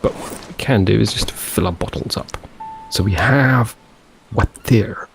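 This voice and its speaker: Slightly slow and somewhat low, this man's voice carries vocal fry, with a bit of background noise behind it. He's a gaming channel host giving loose, rambling let's play commentary on his own game, mostly to himself.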